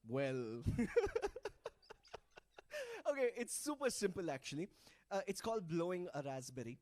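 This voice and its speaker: A man's voice: a little high, sing-song, a little slow, a little mellow. A man hosting a live event on stage, playfully teasing and coaxing the audience into group activities over a handheld mic. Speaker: event host.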